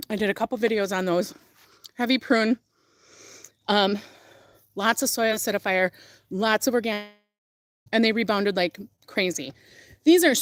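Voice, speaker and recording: A woman's voice: medium pitch, dry recording. A young woman livestreaming from outdoors on her farm, talking in a gushing, chatty way with fillers and laughs. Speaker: livestream host. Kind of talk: casual livestream tour.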